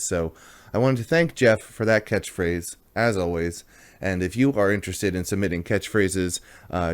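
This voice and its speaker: A man with a very low voice talks casually through a comics review he hosts. He rambles in a friendly, chatty way and pokes fun at himself along the way. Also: darkish tone. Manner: chatty, rambling, self-deprecating.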